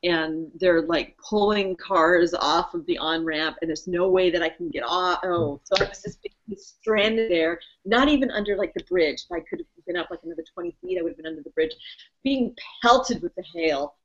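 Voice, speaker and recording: A woman co-hosting a casual podcast, telling a story in an animated way, swearing and laughing as she goes. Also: lowish voice, normal speed. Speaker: podcast co-host. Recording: muffled lo-fi audio.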